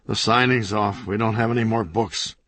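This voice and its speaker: A man's voice: fairly low pitch, fairly even intonation, moderate pace, fairly bright tone, dry recording. Man doing a frantic bookstore owner. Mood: flustered. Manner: frantic, snapping. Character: panicky male bookstore owner, desperate and bossy.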